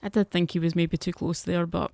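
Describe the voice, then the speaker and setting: A woman's voice: lowish voice, little pitch movement, a little fast, creaky, warm tone, no echo. A young woman casually commenting as she plays a video game, chatty and easily flustered, laughing often. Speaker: gaming streamer.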